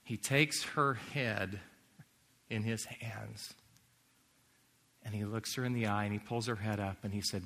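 Earnest preacher in a big echoing hall. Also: male voice, medium pitch, moderate pace. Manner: earnest, drops to a hushed near-whisper for quotes. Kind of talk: sermon. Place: large hall or chapel. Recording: long hall reverb.

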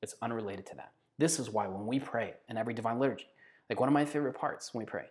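A man preaching a sermon in an earnest, emphatic way, slowing down and dropping to a hush on key phrases. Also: mid-range voice.

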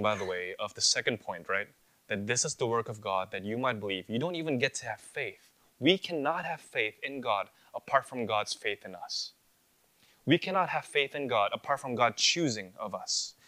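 A male pastor delivering an earnest sermon with a bright, forceful tone. He builds toward emphatic rebukes and slips into a casual voice when mimicking excuses. The sound is dry and close, with no room around it. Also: mid-range voice, no echo.

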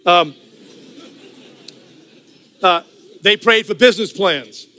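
Older man, church testimony, bright forceful voice, slightly high, repeats lines for emphasis, long hall reverb. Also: unhurried, long pauses. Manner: conversational storytelling, repeats phrases for emphasis. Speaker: testimony speaker.

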